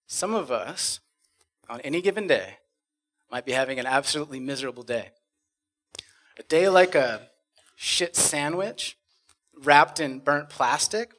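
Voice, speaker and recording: A man on a conference stage performing spoken-word poetry, rhythmic and dramatic, swinging from loud bursts to hushed lines. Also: on the high side. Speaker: conference speaker.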